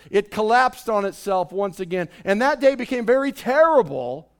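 A man preaching a sermon as pastor, animated and drawing the congregation into call and response. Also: high-pitched, clear, resonant tone. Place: church sanctuary.

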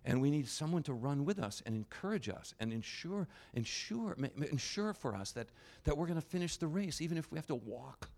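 A man's voice: on the high side, lively intonation, fairly quick, hardly any pauses, a little mellow. A man preaching a sermon as a pastor, in a conversational, wry way with asides and restarts.

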